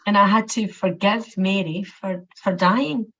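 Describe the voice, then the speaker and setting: A Scottish woman sharing personal reflections, halting and often repeating her words. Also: mid-range voice, a bit bright. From Scotland. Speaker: workshop participant. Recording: muffled lo-fi audio.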